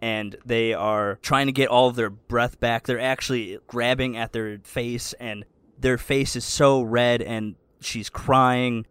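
A man's voice: medium pitch, fairly even intonation, slow, a bit bright, smooth, dry recording. A man narrating a tabletop game as game master, describing scenes steadily.

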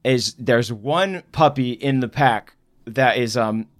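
A man's voice: mid-range voice, slow. A man co-hosting a podcast in casual comedic chat, rambling and laughing between jokes. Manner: rambling, laughing, self-interrupting. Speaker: podcast co-host.

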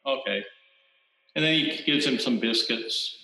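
A male Zen teacher gives a reflective dharma talk, often pausing and restarting his phrases. His voice is bright and slightly tense. The recording carries the echo of a roomy hall. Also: mid-range voice, creaky. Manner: reflective, halting, many restarts and fillers.

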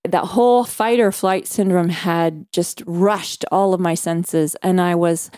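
A woman guest on a faith podcast, earnestly telling a personal story with measured pauses. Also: fairly low pitch, steady tone, dark tone, smooth, no echo, clean studio sound. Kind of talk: storytelling interview.

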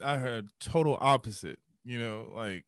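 As a podcast guest, a man in his thirties tells a deeply personal story at a moderate pace. He slips into animated, higher re-enactments of his past voice before settling back into a reflective tone, and the recording is dry and close.

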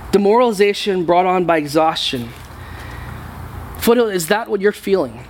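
A young man preaching to his congregation with a noticeably high voice. He talks the sermon through like a conversation and often restarts his phrases. It sounds like a church service. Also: lively intonation, normal speed, a little hiss or hum. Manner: conversational preaching with frequent repeated words. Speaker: pastor. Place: church sanctuary.

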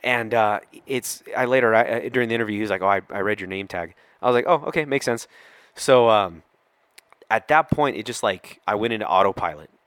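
Middle-aged cop guy telling a story on a podcast, lowish voice, acts out the quotes, dry close mic. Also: quick pace, dry recording. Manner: animated storyteller who acts out quoted lines. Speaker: police officer guest telling a story.

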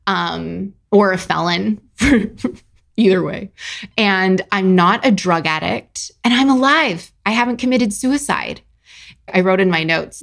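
A woman in her thirties hosts a casual solo podcast, speaking bluntly and swearing freely. Her mid-pitched voice carries a gravelly fry, and she tosses in dramatic, self-mocking asides. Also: a bit bright. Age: 30s. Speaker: podcast host and coach.

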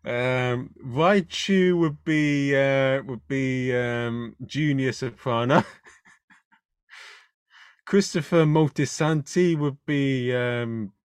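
A man's voice: mid-range voice, drawn-out words, smooth, dry recording. A man who is a comedian, a guest on a podcast, speaking hesitantly and searching for words as he thinks aloud. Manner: hesitant, many fillers and restarts while thinking. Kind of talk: casual interview chat.

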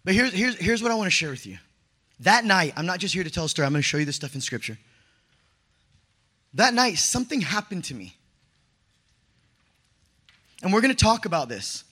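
A man in his thirties preaching in a high-pitched, very bright voice. He tells his stories in a lively, slang-filled way and pushes his voice up into shouts at the peaks. His sermon feels like an energetic testimony. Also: fairly quick, pauses often, breathy edge. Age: 30s. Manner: animated storytelling with slang, rising to shouts.

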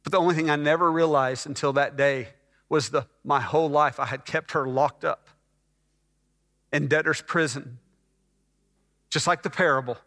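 A man preaching a personal testimony as a sermon, telling his story with hushed moments that build to loud, emphatic passages. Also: fairly high pitch, steady tone, moderate pace, long pauses. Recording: long hall reverb.

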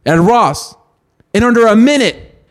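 A man's voice: extremely high pitch, lively intonation, measured pace. A young man from Texas telling a rambling, restart-filled story in casual podcast chat, peppering it with "dude". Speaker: podcast co-host.

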